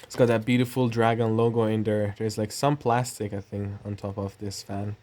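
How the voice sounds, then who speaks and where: A man's voice: lowish voice, level tone, moderate pace, a little mellow. A man casually talking through an unboxing, rambling and thinking aloud with fillers and the odd cough. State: coughing now and then. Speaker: tech channel host.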